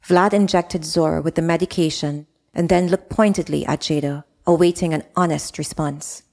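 Woman narrating a story in a lowish voice. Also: steady tone, moderate pace, gravelly, few pauses, darkish tone, in a large hall. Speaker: author and narrator. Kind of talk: scripted audiobook narration.

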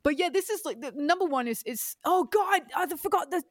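A woman's voice: extremely high pitch, lively intonation, a little fast, dry recording. British woman, podcast host, giggly rambler, dry close sound. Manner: giggly, rambling, playfully over the top. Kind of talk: casual chat.

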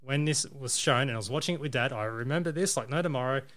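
A man co-hosting a casual podcast chat, jokey and quick to laugh. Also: mid-range voice, a bit bright. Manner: jokey, chatty, laughs often. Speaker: podcast co-host.

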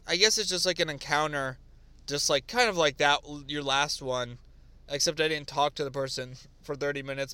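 A man with a smooth, mid-range voice co-hosts a podcast, recorded with no room sound. He tells stories in loose, animated conversation, packed with fillers and restarts.

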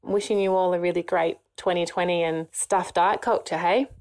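A woman's voice: fairly low pitch, steady tone, normal speed, a little mellow. Indignant woman ranting. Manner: indignant, sarcastic. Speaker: podcast co-host. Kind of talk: podcast rant.

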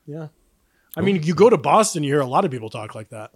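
Man, podcast co-host, casual storytelling, acts out quotes, slightly high pitch, dry sound. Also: very animated, fast talker, husky, dry recording. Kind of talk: casual chat.

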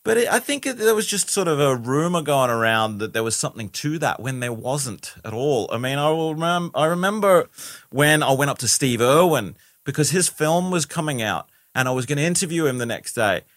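A man's voice: a little high, animated, fairly quick, a bit bright, dry recording. Rambling man, dry sound. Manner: rambling, frequent restarts and "you know". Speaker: guest. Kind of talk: casual interview chat.

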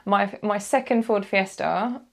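A woman, a freelance motoring journalist, telling a personal story in a casual podcast chat, animated and quick to act out what people said. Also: mid-range voice, vocal fry. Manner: animated storyteller, acts out quotes, laughs often.

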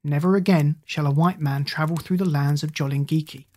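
A man's voice: on the high side, steady tone, brisk, a little mellow, natural voice. A reader voicing a stern, proud king in a storybook.

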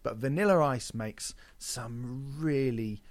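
A man co-hosting a podcast, talking in a casual, animated and mocking way with plenty of swearing. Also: medium pitch, slow, no room sound. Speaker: podcast co-host.

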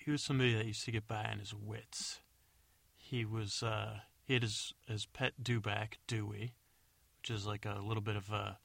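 A man with a low, gravelly voice that still has a bright, forward edge. He rambles through a bedtime story, doubting himself and wandering off into asides. The recording is close and dry. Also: dry recording. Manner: meandering, self-correcting, unsure asides. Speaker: podcast host.

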